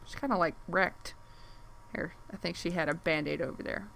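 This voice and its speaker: A woman's voice: on the low side, normal speed, gravelly, fairly bright tone, a little hiss or hum. A woman thinking aloud while she sketches on a stream, rambling and easily distracted, with lots of filler words and sudden exclamations. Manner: exclaims at what she sees on screen. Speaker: artist streaming while drawing.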